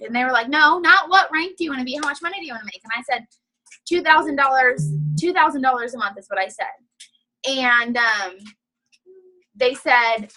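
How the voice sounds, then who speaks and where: A woman's voice: high voice, a little hiss or hum, poor audio. A young woman giving a casual, upbeat training talk over a video call, chatty and full of "you know". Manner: breaks off to quiet her child. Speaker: guest trainer.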